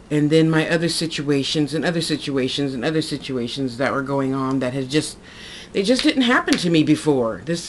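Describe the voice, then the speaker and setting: A woman with a low, darkish voice speaks to her camera in a casual, heartfelt vlog monologue, rambling and repeating herself. There's slight background noise.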